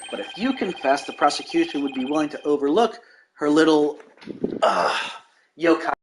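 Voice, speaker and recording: A man's voice: on the high side, expressive. A man doing a smug villainous prosecutor. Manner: condescending, mocking, deliberate.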